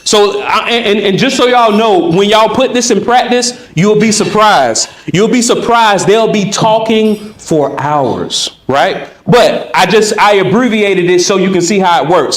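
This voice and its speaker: A man teaching conversation skills at a live workshop, animated and acting out both sides of a chat. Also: high-pitched, unhurried, hardly any pauses. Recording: echoey room.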